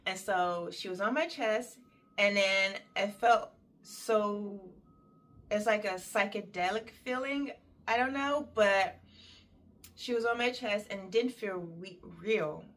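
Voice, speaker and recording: A young woman casually telling a personal story, chatty and detailed, switching into animated quoted voices with big jumps in pitch. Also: slow pace.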